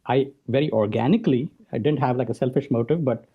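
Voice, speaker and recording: A man's voice: medium pitch, quick pace, husky, lo-fi sound. A man being interviewed as a podcast guest, explaining his ideas in conversation and often checking in with a "right?". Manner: explanatory, tags points with "right?".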